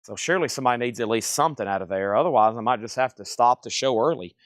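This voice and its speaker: A man hosts a live record sale, listing one item after another with its price. His voice sits at a middle pitch and sounds close and dry, with little room sound. He talks in a brisk, casual way. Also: dry recording. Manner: brisk list-reading of items and prices, casual. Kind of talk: livestream sales pitch.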